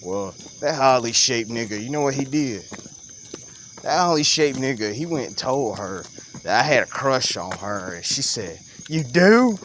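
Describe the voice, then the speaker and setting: A young man spins a loose, animated story in a casual chat. He swings from loud outbursts down to low mutters and laughs easily. Faint crickets chirp behind him outdoors. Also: normal speed, a little hiss or hum.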